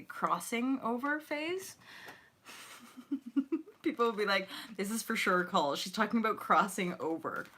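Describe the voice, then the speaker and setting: This spiritual coach sounds mid-range and sharp, with slight background noise behind her. On her livestream she reads viewer comments in casual chat, cursing without restraint and laughing a lot.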